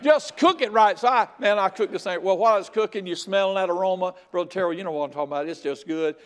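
An older man preaching a sermon, telling a folksy story with loud outbursts. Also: sits high, fairly even intonation, very fast, smooth. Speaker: pastor.

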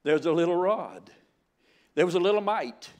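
An older man preaching with a slightly high voice. He keeps a folksy, joking tone throughout the sermon. He often trips over his words and starts his phrases again. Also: lively intonation, moderate pace. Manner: folksy and joking, with frequent stammered restarts. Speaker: guest preacher.

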